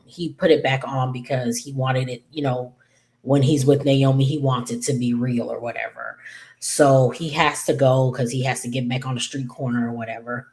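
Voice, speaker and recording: A woman hosting her own channel, casually recapping a TV episode with lots of fillers, rambling asides and quick apologies. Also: rumbling low, a little mellow. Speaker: YouTube TV recap host.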